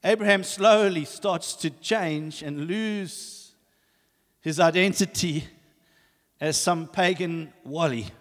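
A man preaching a sermon, telling stories in an animated way and acting out the voices, with long hall reverb. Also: fairly high pitch, slow. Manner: animated storytelling, acts out voices.

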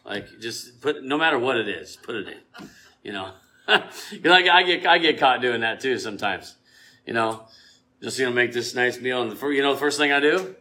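Man, casual preacher, bright tone, chatty with frequent laughs, gets loud on scripture. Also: mid-range voice, lively intonation, moderate pace. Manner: conversational, chatty, rising to loud emphasis when quoting scripture; laughs often and uses many fillers and restarts. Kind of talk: informal sermon.

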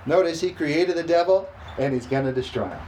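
A man preaching a sermon, reading scripture slowly and emphatically and calling for responses from the congregation. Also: a little high, darkish tone, slight background noise, poor audio. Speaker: pastor.

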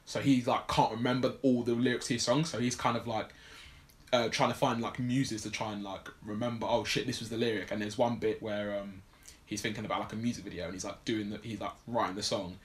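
A man's voice: lowish voice, fairly even intonation, a little fast. A man casually recapping a film plot on a podcast, rambling with lots of fillers. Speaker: podcast co-host. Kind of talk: casual film review chat.

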